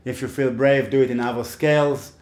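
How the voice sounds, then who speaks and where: A man's voice: mid-range voice, steady tone, fairly quick, a little mellow, reverberant. Encouraging male guitar teacher. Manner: encouraging, counts rhythm syllables aloud. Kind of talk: casual guitar lesson.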